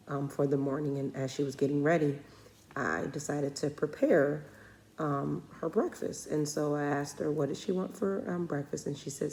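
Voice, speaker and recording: A woman's voice: sits low, vocal fry, mellow, slight background noise. A middle-aged woman, a former school principal, telling a personal story in a talk, with many fillers and restarts. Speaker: speaker.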